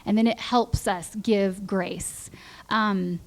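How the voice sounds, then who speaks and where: Middle-aged female church speaker, conversational sermon delivery, animated storyteller who voices quotes. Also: medium pitch, takes it slowly.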